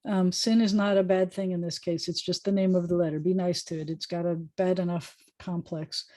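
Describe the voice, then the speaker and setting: Lady rabbi on a video call, warm soft voice, chatty and jokey, sounding out hebrew words. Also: lowish voice, flat delivery, a little fast, no room sound. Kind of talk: informal online class.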